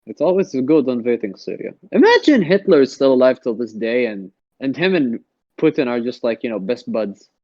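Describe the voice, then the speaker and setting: A man's voice: medium pitch, big pitch swings, normal speed, a little mellow, dry recording. A man co-hosting a podcast, joking around in a goofy, crude way in casual chat. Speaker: podcast co-host. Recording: dry, dull lo-fi mic.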